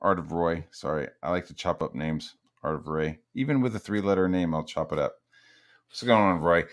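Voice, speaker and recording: A man's voice: deep voice, brisk. A man hosting a casual comics talk show, telling rambling, profane stories and jumping between topics. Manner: profane, rambling, animated storytelling. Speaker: podcast host. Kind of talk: casual chat.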